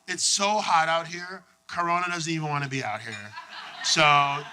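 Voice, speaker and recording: A man's voice: a little high, fairly even intonation, moderate pace, sharp tone. A bossy know-it-all woman who leads her group and brushes off every worry, as a man puts her on. She sounds sure of herself and a little dismissive. The recording is noisy, taken live from a stage.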